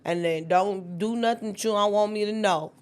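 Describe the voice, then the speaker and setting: A woman's voice: medium pitch, normal speed. A woman, talking bluntly like a mother in casual chat. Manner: responsive listener, motherly and blunt. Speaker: podcast co-host.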